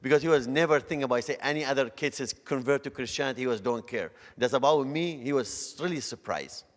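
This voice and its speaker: A man's voice: mid-range voice, quick pace. A man from northern Iraq, giving an earnest personal conversion testimony in broken English. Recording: long reverb of a hall.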